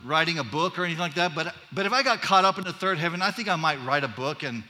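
Brief: man, pastor, bright high-ish voice, easygoing sermon with jokes, echoing hall. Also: expressive, fast. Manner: casual and chatty, asks "right?", joking asides. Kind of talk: conversational sermon. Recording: long reverb of a large hall.

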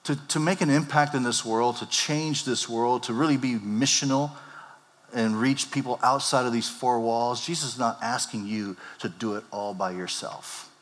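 A male pastor preaching a sermon, animated and acting out the disciples' lines in character voices. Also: mid-range voice, moderate pace. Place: church sanctuary. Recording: long hall reverb.

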